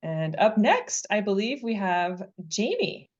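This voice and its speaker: A woman's voice: medium pitch, big pitch swings, slow pace. A woman on a webinar panel presenting case law, explaining what the court found and reading out its findings. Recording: dull lo-fi webinar audio.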